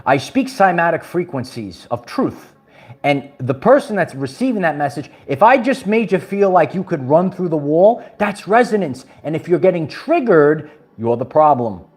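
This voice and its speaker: A man's voice: on the high side, sing-song, moderate pace, husky. Preachy Brooklyn man with music behind. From Brooklyn, New York. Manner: emphatic, preachy, repeats phrases, addresses viewers directly. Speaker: spiritual empowerment vlogger. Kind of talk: livestream motivational talk.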